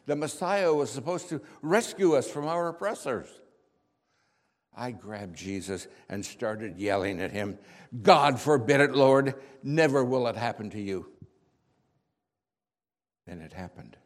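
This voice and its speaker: Speaking low and without hurry, a man takes on the role of Peter the apostle, earnest and impulsive. He tells his own story from the heart, at times rising to shouting, in a space with long hall reverb.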